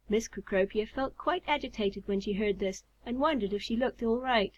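A woman reading a children's story aloud in a calm, measured way. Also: a little high. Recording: slightly muffled recording.

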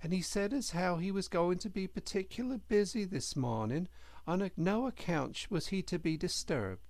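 A man's voice: high voice, expressive, moderate pace, darkish tone, dry recording, voice pushed up. A man voicing a young male hedgehog, timid and polite, speaking in a humble country dialect and calling everyone sir. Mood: earnest.

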